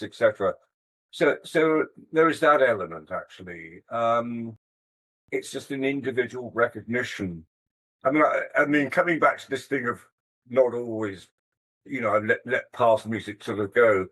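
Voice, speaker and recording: A man's voice: medium pitch, a little slow, fairly bright tone, poor audio. An older man, a musician being interviewed, telling stories in a thoughtful, hesitant, self-deprecating way. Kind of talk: casual interview storytelling.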